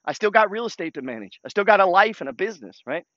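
A man's voice: high-pitched, very animated, quick pace, pushed and bright, no room sound, highs cut off. A man hosting a casual investing talk, blunt and coach-like, swearing freely as he urges listeners on. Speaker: host.

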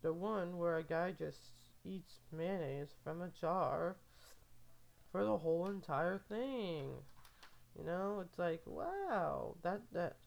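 Young woman, casual solo podcaster; low-ish, gravelly voice, meandering and amused. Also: expressive, takes it slowly, darkish tone. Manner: rambling, filler-heavy, amused. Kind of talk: casual rambling monologue.

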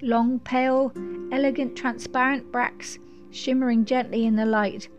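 A woman narrating a storybook in a measured, descriptive way. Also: on the high side, steady tone, muffled recording, over music.

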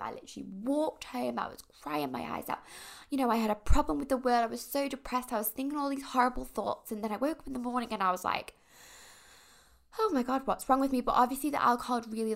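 A young woman hosts a podcast in a loose, rambling chat. Her voice sits a touch high but carries a heavy, gravelly fry throughout. She keeps going with fillers and little asides. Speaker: podcast host. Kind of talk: casual confessional chat.

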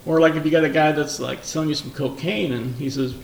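A man, a former undercover narcotics officer, telling anecdotes in a relaxed, storytelling interview manner. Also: on the high side, quick pace, vocal fry. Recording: echoey room, distant mic, faint noise.

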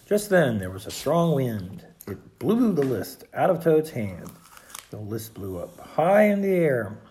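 A reader narrating a children's storybook aloud. The delivery is slow and unhurried, with a lively rise and fall in pitch. Every line is spoken clearly and expressively, as if reading to young children.

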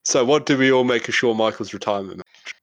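A man's voice: mid-range voice, fast, dry recording. A man hosting a wrestling podcast, reading a countdown entry in an announcer tone. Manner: reads countdown entries in a steady announcer tone. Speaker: podcast host. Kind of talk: scripted segment intro and casual chat.

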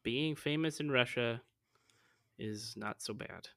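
A man's voice: mid-range voice, slow, creaky, sharp tone, no room sound, studio quality. Incredulous man hosting a comedy podcast. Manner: incredulous, exasperated interviewer. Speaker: podcast host. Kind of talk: improvised comedy podcast sketch.

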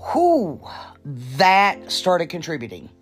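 A woman hosting her own podcast in casual chat, blunt and profane, a little nervous and halting. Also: on the low side, huge pitch swings, faint music behind. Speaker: podcast host.

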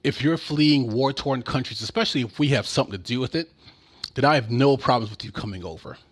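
A man talks through a casual commentary rant, blunt and sarcastic. His pitch sits right in the middle for a man. He swears freely. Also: fast, slightly rough. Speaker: political commentator.

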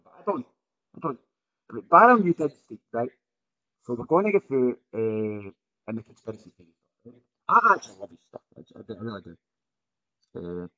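A man's voice: mid-range voice, bright, forceful tone, lo-fi sound. A man hosting a solo podcast off the cuff, rambling and often ending sentences with "right?". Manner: rambling, restarts often, tags lines with "right?". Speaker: podcast host.

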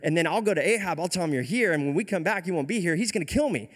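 A man's voice: extremely high pitch, sing-song, a little slow, pitched above the performer's own voice, full character voice. A man voicing a frightened male royal steward who stammers and pleads in a frantic rush. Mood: panicked.

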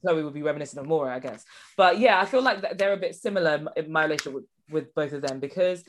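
Brief: young woman host, quick rambling delivery, slightly low voice, giggly chat. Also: animated, a little hiss or hum. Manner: fast, rambling, giggly, lots of restarts. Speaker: podcast host. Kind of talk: casual chat.

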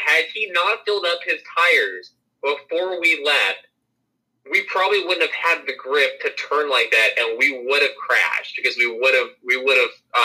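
Husky, bright-voiced young man telling a story. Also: on the high side, poor audio. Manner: animated storyteller who swears freely. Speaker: podcast co-host. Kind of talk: casual storytelling.

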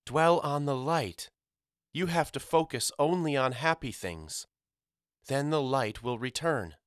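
A man's voice: medium pitch, expressive, a little slow, no room sound, clean studio sound, voice pushed up, close to an everyday voice. A man voicing a worried, loving mother in an audiobook, speaking urgently and pleadingly. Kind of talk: audiobook character voice.

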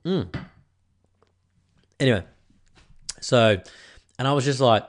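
A man's voice: mid-range voice, takes it slowly. A man in his thirties with an Australian accent, hosting a casual solo podcast and telling stories in a laid-back, sweary way. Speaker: podcast host.

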